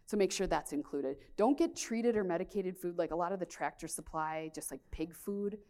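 Casting: plain-spoken woman farmer, slightly low voice, conference presenter, frank and practical. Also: normal speed, warm tone. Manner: candid, frank, many "um" fillers. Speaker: pig farmer giving a conference talk.

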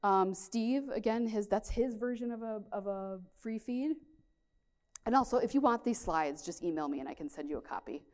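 A woman's voice: mid-range voice, moderate pace, a little mellow. A woman farmer presenting a conference talk with slides, speaking candidly with many fillers.

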